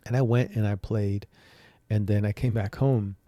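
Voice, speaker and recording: A man's voice: fairly low pitch, fairly even intonation, moderate pace, warm tone, no echo. A young man hosting a podcast, candidly telling a personal story in a rambling way, with many fillers and restarts. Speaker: podcast host.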